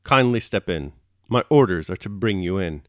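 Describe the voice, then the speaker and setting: A man voicing a giant footman with a deep voice in an audiobook, firm and stolid. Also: animated, normal speed, a bit bright, no echo, clean studio sound.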